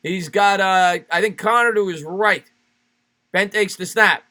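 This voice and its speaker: A man calling live football play-by-play on a stream, excitable and quick to laugh while reading chat messages. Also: sits high.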